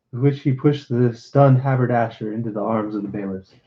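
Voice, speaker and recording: A man reading a classic adventure novel aloud as narrator, in a plain, even storytelling manner. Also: mid-range voice, brisk, muffled recording.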